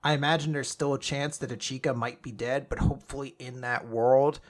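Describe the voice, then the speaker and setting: A man's voice: medium pitch, steady tone, a little fast. A man co-hosting a podcast, chatting casually and earnestly about a manga chapter, often laughing. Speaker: podcast co-host.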